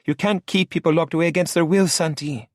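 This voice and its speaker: A man's voice: a little high, steady tone, brisk, no echo, studio quality, voice pushed up, lightly acted. A man reading an audiobook, voicing a stubborn young woman who protests and pleads. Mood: defiant. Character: stubborn young woman, recently discharged, defiant.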